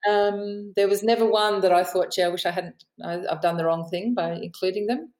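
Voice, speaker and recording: On a low-quality recording with a roomy sound, this woman talks a little fast in a medium-pitched, slightly mellow voice with fairly even intonation. An author and aviation writer from Australia, she guests on a podcast, telling chatty stories, laughing often and mimicking whoever she quotes.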